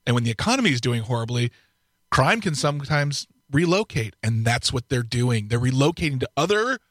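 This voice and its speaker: A man's voice: medium pitch, sing-song, fairly quick, fairly bright tone, no room sound, clean studio sound. A man co-hosting a talk radio show, blunt and emphatic in his comments. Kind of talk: casual talk radio banter. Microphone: studio headphones and mic.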